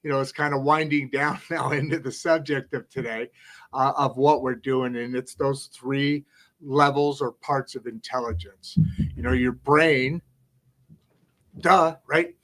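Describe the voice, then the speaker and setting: A man's voice: mid-range voice, level tone, measured pace, a bit bright. A man hosting a live interview show, talking in a rambling, enthusiastic way full of asides and restarts. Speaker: talk show host. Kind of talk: casual live interview chat.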